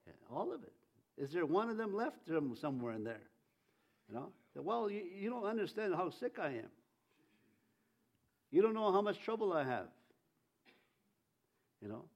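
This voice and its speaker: A man's voice: high voice, sing-song, normal speed, creaky, long pauses, muffled recording. A male preacher delivering a sermon with fervour, leading the congregation to repeat lines after him. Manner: fervent, leads congregation in call-and-response.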